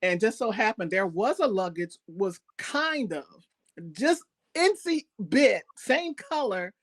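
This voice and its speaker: A woman chef as an interview guest, telling stories in a lively, animated way and laughing often. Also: medium pitch, measured pace. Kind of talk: casual interview storytelling.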